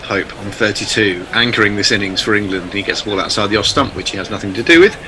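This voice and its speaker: A man calling cricket ball by ball on live radio, lively on the play and relaxed between balls. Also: on the low side, fast talker, noisy background. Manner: lively calls of the play, then relaxed chat. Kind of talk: live sports commentary.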